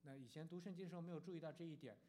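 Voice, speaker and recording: A man interpreting a sermon in rapid bursts with a somewhat high voice. He halts, restarts, and fills gaps as he keeps up. A faint hum sits behind him. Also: mellow. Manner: quick, with fillers and restarts.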